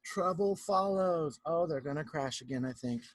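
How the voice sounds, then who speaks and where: A male teacher reading a picture book aloud to young children over a video call from home, narrating in an animated way and checking in with them. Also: fairly high pitch, normal speed. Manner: warm, animated storyteller who keeps checking in with the children.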